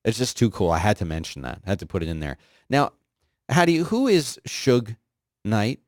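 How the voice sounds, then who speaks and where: A man's voice: on the low side, sing-song, quick pace, no echo, clean studio sound. A man hosting a show in casual, enthusiastic, rambling chat. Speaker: podcast host.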